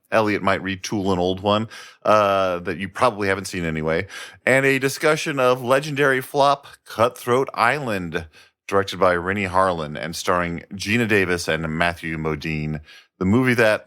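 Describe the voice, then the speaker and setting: A man with a fairly low voice reads show announcements in an easygoing way. He drops wry little asides along the way. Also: a bit bright. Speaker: podcast co-host. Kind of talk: casual read of show announcements.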